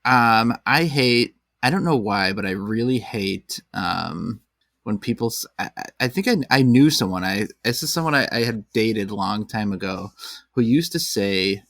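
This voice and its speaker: A man's voice: on the low side, expressive, moderate pace, creaky, a bit bright, no room sound, clean studio sound. A man co-hosting a casual podcast, ranting bluntly and swearing. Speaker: podcast co-host.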